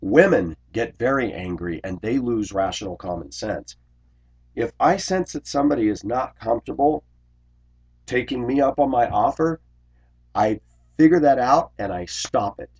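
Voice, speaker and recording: A man who drives a school bus, telling a workplace grievance story in an indignant, complaining way, clearing his throat often. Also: medium pitch, animated, moderate pace, a little mellow, dull audio. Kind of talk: ranting personal storytelling vlog.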